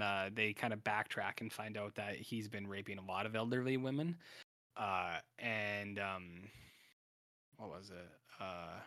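A man's voice: lowish voice, a bit bright, no echo. Rambling man on a dry podcast mic. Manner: rambling, heavy on fillers and restarts. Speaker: podcast co-host. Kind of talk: casual chat recapping a TV show.

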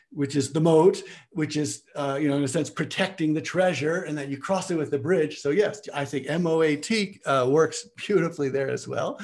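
A man with a fairly high-pitched voice teaches a lecture that includes questions from listeners. He often restarts his phrases while searching for words.

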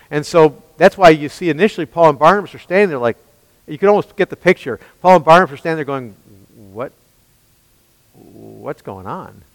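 Male pastor, slightly high and smooth-voiced, preaching emphatically with lots of rhetorical questions, long hall reverb. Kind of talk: expository sermon.

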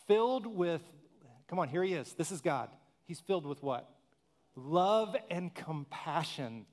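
A male pastor preaching a conversational sermon, animated, with humorous asides and acted-out quotes. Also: high voice, moderate pace.

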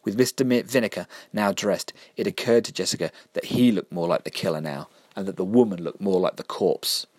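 A man with a very low voice narrates a dark story in a steady, measured way. The recording is close and completely dry. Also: no echo. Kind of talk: storybook reading.

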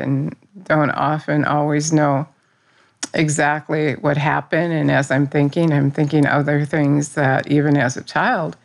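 Low, gravelly middle-aged woman testifying. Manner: earnest, rambling, with restarts and fillers. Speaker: Bible study teacher. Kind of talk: personal faith testimony.

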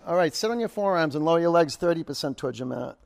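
A man's voice: fairly high pitch, fast talker, creaky. Upbeat male yoga instructor calling counts. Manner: energetic counting and motivating cues; casual storytelling asides. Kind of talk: live yoga class cueing.

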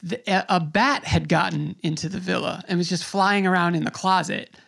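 With a high, somewhat bright voice, brisk delivery, and vocal fry, this New York podcast host rambles through casual interview chat and laughs readily.

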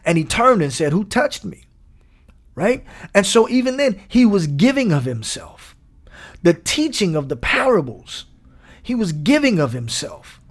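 A man preaching a sermon, animated, repeating phrases and rising to emphatic peaks. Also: high voice, unhurried. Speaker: pastor.

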